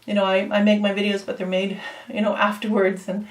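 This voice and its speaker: A woman's voice: mid-range voice, completely flat delivery, fairly quick, echoey room, far from the mic, poor audio. A woman talking casually to her viewers in a pet vlog, chatty and emotional, sometimes cooing to her parrot. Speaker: pet vlogger.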